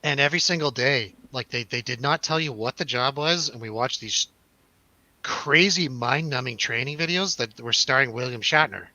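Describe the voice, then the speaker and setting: A man's voice: medium pitch, normal speed, pushed and bright, dry recording, highs cut off. A young man on a podcast, telling a story in casual chat, acting out quotes and swearing freely. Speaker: podcast co-host.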